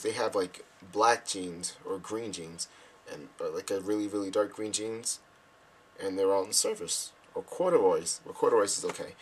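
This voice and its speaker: A man's voice: on the low side, husky. A young man telling stories casually to friends back home, acting out his own reactions as he goes. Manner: animated, acts out quoted reactions. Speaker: vlogger.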